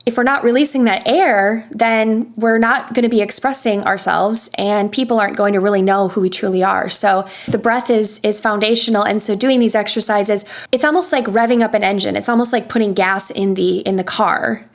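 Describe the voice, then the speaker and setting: A woman voice coach in a podcast interview, patiently explaining vocal warm-up exercises and demonstrating hums and sighs. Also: mid-range voice, steady tone, moderate pace, hardly any pauses.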